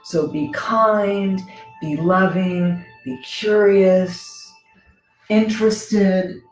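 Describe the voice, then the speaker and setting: A woman with a mid-range voice leads a gentle yoga class, guiding students through each pose in a relaxed, chatty way and drawing out her words. She often checks in with "right?" The room is very echoey, with faint music playing.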